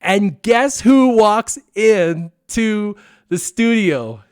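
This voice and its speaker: Excitable man telling a story. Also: sits high, extremely slow, clear, resonant tone, no echo, clean studio sound. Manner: excitable and animated, stressing words for effect. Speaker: gaming channel host. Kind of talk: casual storytelling to viewers.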